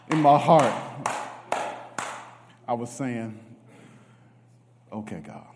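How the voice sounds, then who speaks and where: A man's voice: medium pitch, very slow, noisy background. Emotional preacher man in a hall. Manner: emotional, shifts from hushed to shouting. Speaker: guest preacher. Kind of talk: sermon with testimony. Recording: reverberant church hall.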